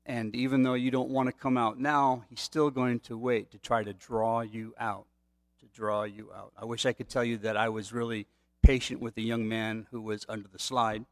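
A man's voice: medium pitch, level tone, moderate pace, no echo. Conversational male pastor, dry sound. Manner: conversational, storytelling with asides to the audience. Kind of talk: sermon.

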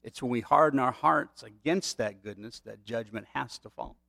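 A man's voice: medium pitch, normal speed, gravelly, bright, forceful tone, no room sound. A middle-aged man preaching a sermon, telling stories in a conversational way with asides to the listeners. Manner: conversational, storytelling with asides to the audience. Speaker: pastor.

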